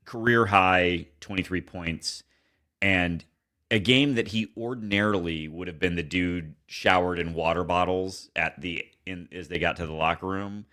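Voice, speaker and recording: A man's voice: low-pitched, fairly even intonation, measured pace, bright, forceful tone. A man co-hosting a casual sports podcast, making dry, wry remarks. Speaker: podcast co-host.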